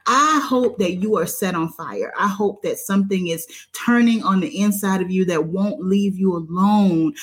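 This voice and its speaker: A woman's voice: medium pitch, moderate pace, few pauses. A woman hosting a faith-based podcast, speaking with emotional, preacher-like repetition. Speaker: podcast host. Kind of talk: enthusiastic podcast introduction.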